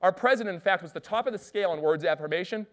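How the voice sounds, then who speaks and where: A man giving an energetic keynote speech, telling stories and asking the audience questions. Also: sits high, very fast. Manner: lively, asks the audience questions. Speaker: keynote speaker.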